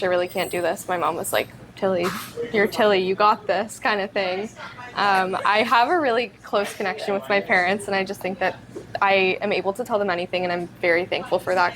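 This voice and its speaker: A teenage girl chats as an interview guest, her speech loose and full of fillers and little giggles. Her pitch sits in the ordinary middle for a young woman. A faint hum of noise sits behind her. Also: a bit bright, poor audio. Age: teens. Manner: chatty, many fillers and giggles. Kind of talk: casual interview talk.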